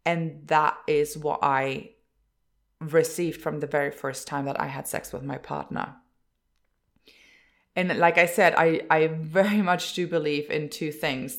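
A woman hosting a personal talk, telling a heartfelt story in an emotional, halting way with many restarts. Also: deep voice. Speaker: host.

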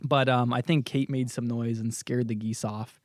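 A young man co-hosting a casual comedy podcast, telling a story in an animated way and laughing often. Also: mid-range voice, normal speed, no room sound. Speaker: podcast co-host.

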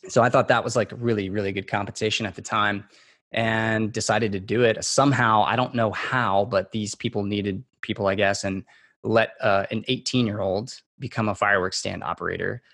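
A man from Texas, a podcast guest, telling a relaxed, rambling story full of fillers and restarts. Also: lowish voice, moderate pace, dry recording, clean studio sound. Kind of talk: casual storytelling in a podcast interview.

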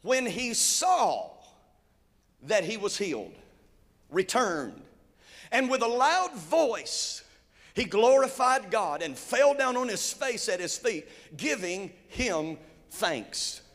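A man preaching a sermon in a church sanctuary, with call-and-response and rising shouts. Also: high-pitched, big pitch swings, slow. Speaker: pastor. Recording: long hall reverb.

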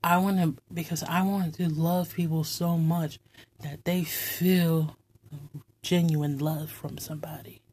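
A woman hosting a heartfelt, faith-based talk segment, speaking earnestly and tenderly, often dropping into a soft whisper. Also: low voice, level tone, a little slow, breathy edge. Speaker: host of an inspirational talk segment.

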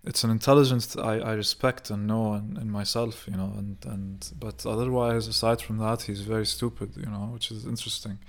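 A young man with a low-pitched voice rambles through a casual rant. He swears freely and leans on fillers as he vents. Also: flat delivery, fairly quick, vocal fry, hardly any pauses. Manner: profane, rambling, fillers, mimics roommate. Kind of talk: casual venting monologue.

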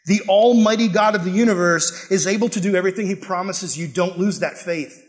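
A man's voice: high voice, brisk. A man preaching a sermon, emphatic and conversational, with frequent rhetorical questions. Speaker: pastor.

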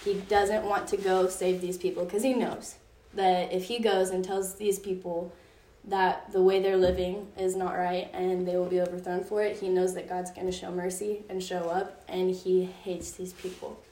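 Speaking at a moderate pace with few pauses, a young woman with a fairly low, warm voice and little pitch movement tells a Bible story to her youth group. She's casual and chatty, saying "like" constantly, and the distant mic catches plenty of room echo.

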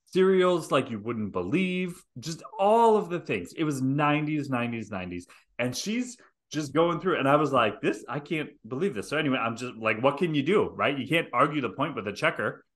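A man's voice: mid-range voice, normal speed, hardly any pauses. A middle-aged man hosting a podcast, telling a story with lots of swearing and acted-out voices. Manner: animated, profane storyteller acting out scenes. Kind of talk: storytelling chat.

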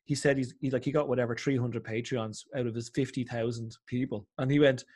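Fairly quick and slightly breathy, this mid-pitched Irish podcast guest keeps things casual, spinning lively stories. Whenever he quotes someone, he performs their voice.

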